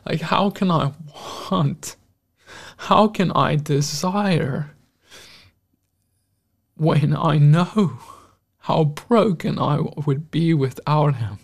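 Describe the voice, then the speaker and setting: Slow, gravelly-voiced man preaching earnestly. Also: on the high side, expressive. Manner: earnest, emotional, pausing often. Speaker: host. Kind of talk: devotional sermon-style talk.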